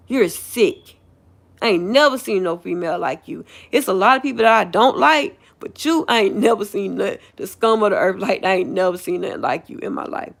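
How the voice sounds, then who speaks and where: A woman's voice: on the high side, vocal fry. A woman livestreaming a heated, profane rant, laughing scornfully as she talks.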